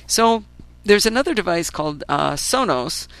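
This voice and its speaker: A woman hosting a casual solo podcast, chatty and enthusiastic with wry asides, her voice still hoarse after a flu. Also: lowish voice, animated, moderate pace, no echo. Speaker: podcast host.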